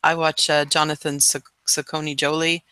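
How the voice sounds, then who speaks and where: A woman's voice: sits low, little pitch movement, normal speed, bright, forceful tone, clear, resonant tone, no echo. A woman hosting a casual live stream chat, chatty and laughing often.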